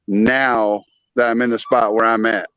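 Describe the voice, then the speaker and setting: A man's voice: lowish voice, little pitch movement, a little slow, fairly bright tone, clear, resonant tone, no room sound, highs cut off. A man talking as a guest on a morning talk show, earnest and storytelling, acting out old arguments in his voice. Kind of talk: casual talk show chat.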